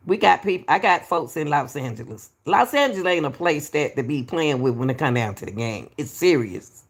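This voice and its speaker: Woman, gravelly voice, reaction commentary, repeats herself, says baby. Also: deep voice, lively intonation, moderate pace. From Atlanta, US. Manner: repetitive, emphatic, calls people baby. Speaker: YouTube commentator.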